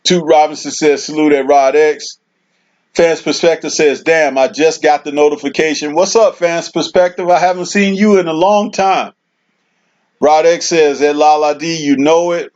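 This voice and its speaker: A man's voice: a little high, steady tone, moderate pace. A man hosting a casual livestream, reading viewer comments aloud and laughing often. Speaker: livestream host reading chat. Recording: dull lo-fi stream audio.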